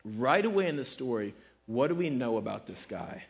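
A man's voice: mid-range voice, sing-song, moderate pace, creaky. A man preaching a sermon, talking conversationally with lots of fillers and repeating his points for emphasis. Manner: conversational, many fillers like "like" and "kinda". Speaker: pastor.

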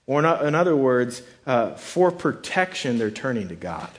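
A man's voice: mid-range voice, very animated, moderate pace. Conversational male preacher. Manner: conversational preaching with repeated restarts and acted-out quotes. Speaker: pastor. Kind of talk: sermon.

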